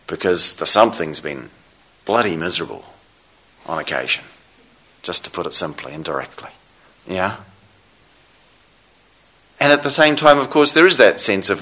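Slow-spoken, low-voiced man teaching meditation. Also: big pitch swings, bright, forceful tone. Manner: slow, reflective, with long pauses. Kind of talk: dharma talk. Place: meditation hall.

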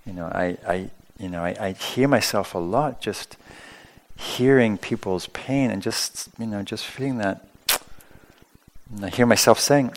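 A man giving a dharma talk at a retreat, gentle and conversational, with light humor and frequent fillers. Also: on the low side, a little slow. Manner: warmly humorous. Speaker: meditation teacher.

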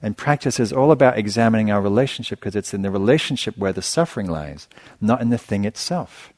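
A middle-aged man, a meditation teacher, giving a dharma talk in a relaxed storytelling manner with self-deprecating humor. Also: fairly low pitch, fast talker, no room sound. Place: meditation center hall.

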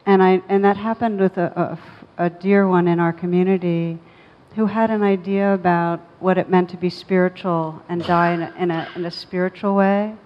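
This woman talks slowly and thoughtfully, a teacher reflecting in conversation. Her voice sits on the low side. It rings with a long reverb, as if in a large hall. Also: steady tone. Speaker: meditation teacher. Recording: dull lo-fi sound with long reverb.

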